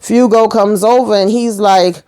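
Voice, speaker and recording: A woman's voice: mid-range voice, steady tone, unhurried, a little mellow, smooth. A woman casually recapping a TV episode, retelling scenes with quoted dialogue. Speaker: TV recap host.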